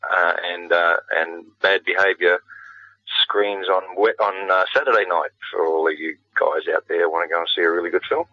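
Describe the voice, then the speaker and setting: Australian man, middle-aged, very low voice, plain-spoken and relaxed, dry close sound, dull lo-fi radio quality. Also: moderate pace, dry recording. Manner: laid-back, plain-spoken, with frequent restarts. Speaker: guest actor. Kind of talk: casual radio interview.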